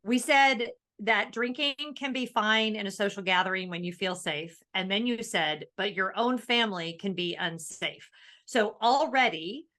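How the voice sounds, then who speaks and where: A woman co-hosting a podcast in casual chat, animated and thoughtful as she explains. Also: medium pitch, measured pace. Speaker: podcast co-host.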